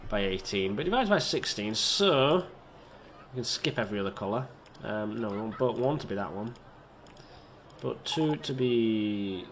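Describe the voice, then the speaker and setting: A man's voice: mid-range voice, a bit bright, slight background noise. A man giving casual, rambling, self-mocking commentary as he plays a park-building video game and talks to its little characters. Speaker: video game let's-player.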